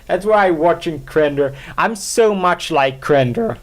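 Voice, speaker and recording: A man hosting a solo podcast, talking in a rambling, halting way, full of fillers, restarts and self-mocking asides. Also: on the high side, expressive. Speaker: podcast host.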